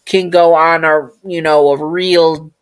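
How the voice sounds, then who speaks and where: A doting male rabbit spirit from a storybook reading, voiced by a woman in her own fairly low voice. He speaks softly and fondly, hesitating before he says what he means. There is little change in his voice from the narrator's. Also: steady tone, slow pace, smooth. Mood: bashful.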